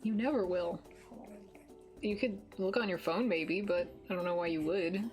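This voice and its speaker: With soft music playing, she speaks in a lowish, darkish voice at a moderate pace. Streaming from home before a green screen, the young woman teases and giggles with her viewers, chatting casually and swearing freely.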